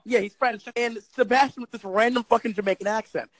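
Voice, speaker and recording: A young man with a high voice talks in a loose, rambling way. He swears freely, laughs often and fills his talk with "like". The sound is dry and close, with no room echo. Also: fairly even intonation, fairly quick, fairly bright tone. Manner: rambling, profane, laughs often, many filler likes. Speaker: podcast co-host. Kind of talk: casual chat.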